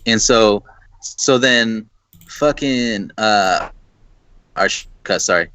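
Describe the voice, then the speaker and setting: A man's voice: fairly low pitch, slow, bright, forceful tone, clean tone, dry recording, rough recording. A man hosting a podcast in loose casual chat, swearing and filling with "uh" and "like". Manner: loose, swears, many fillers.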